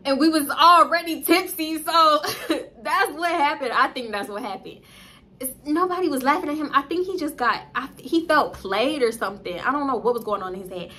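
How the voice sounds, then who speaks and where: Bright-voiced young storytelling woman. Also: sits high, normal speed. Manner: animated, profane, acts out voices. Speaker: storytime vlogger. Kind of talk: casual storytelling.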